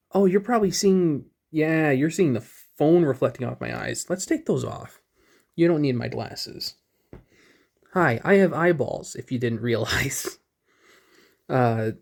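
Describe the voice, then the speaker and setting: A man's voice: mid-range voice, gravelly, a little mellow. A man in his twenties talking through his old gaming videos in a loose, rambling, self-mocking way, chuckling at himself. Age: 20s. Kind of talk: casual gaming commentary.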